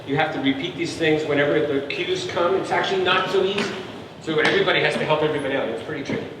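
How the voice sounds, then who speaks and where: Playful New composer in a hall. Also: male voice, on the high side, very fast, background noise. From New York. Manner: chatty, playful, coaxing the audience to join in. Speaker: composer leading a family concert. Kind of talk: explaining music to a family audience. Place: concert hall stage. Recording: echoey concert hall, from a distance. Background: piano and string music.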